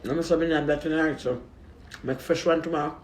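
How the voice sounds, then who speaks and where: A man's voice: on the high side, steady tone, a little fast, slight background noise. A man chatting casually to his viewers while eating, rambling from one thought to the next. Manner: chatty and rambling, talks with his mouth full between bites. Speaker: food vlogger. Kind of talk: casual eating vlog talk. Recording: echoey room.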